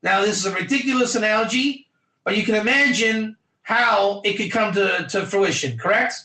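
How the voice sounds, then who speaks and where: Animated rabbi with a high bright voice. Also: male voice, moderate pace, reverberant, rough recording. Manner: animated, acts out little scenes, asks students to type answers. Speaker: rabbi teaching an online class. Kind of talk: lively online Torah class.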